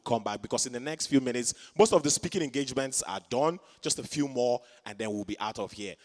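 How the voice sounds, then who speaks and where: A man with a Nigerian Anambra accent hosting a live event, joking and chatting with the audience. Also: fairly high pitch. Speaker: event host. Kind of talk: live emcee announcements. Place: conference hall. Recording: echoey hall from a distance.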